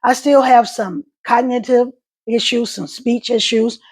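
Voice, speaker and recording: A middle-aged woman talking casually to camera about life after a stroke, in halting speech that repeats words, her voice catching and crackling. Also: a little high, fairly even intonation, slightly rough. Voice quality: voice catches and crackles when emotional. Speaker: stroke survivor vlogger.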